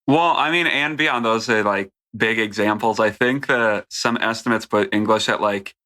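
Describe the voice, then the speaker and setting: A man's voice: fairly low pitch, normal speed, sharp tone. An American man co-hosting a casual podcast, making dry, wry jokes. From United States. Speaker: podcast co-host.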